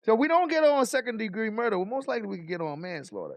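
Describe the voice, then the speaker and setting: A man hosting a casual reaction stream, chatty and excitable, reacting to trial footage. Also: sits high, a little fast, gravelly, few pauses, no echo. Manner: excitable, chatty, laughs often.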